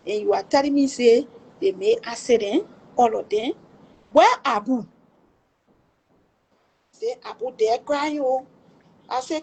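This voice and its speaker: A woman's voice: high-pitched, darkish tone, slightly rough, low-quality recording. A middle-aged woman with a Liberian English accent emotionally recounting a family tragedy, acting out the quoted dialogue with exclamations. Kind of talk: emotional personal storytelling.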